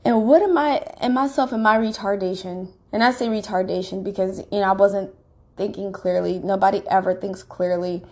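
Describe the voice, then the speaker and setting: Woman telling a painful story, halting. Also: medium pitch, steady tone. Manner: halting, restarts often, emotionally raw; swings between quiet and sharp outbursts. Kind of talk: personal storytelling.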